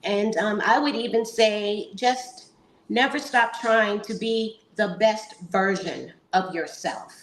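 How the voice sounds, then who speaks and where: Middle-aged woman panelist, earnest, pauses with fillers, echoey room sound. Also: mid-range voice, fairly bright tone. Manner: earnest, encouraging, with hesitant fillers. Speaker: panel guest. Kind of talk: heartfelt panel talk. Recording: roomy echo.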